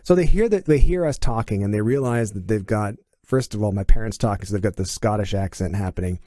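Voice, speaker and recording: A man's voice: lowish voice, fast, mellow, no room sound, clean studio sound. A middle-aged man from Canada, a podcast guest telling stories in casual conversation and acting out quoted dialogue with animation.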